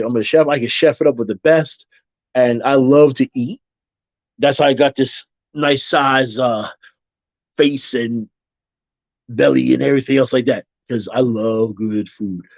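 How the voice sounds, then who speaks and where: Talking casually to his audience, a man loops back over his words, restarting and repeating himself, then gets animated with jokes and quoted impressions of people. He's a vlogger with a mid-pitched voice, captured up close and dry, a bit muffled and dull, with no room sound.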